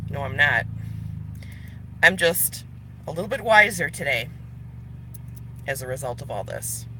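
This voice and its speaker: Blunt, animated woman on a livestream. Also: low-pitched, unhurried, a little hiss or hum. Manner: blunt and profane; talks straight to viewers by name. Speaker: vlogger. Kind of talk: livestream chat, answering viewer comments. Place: at her workplace.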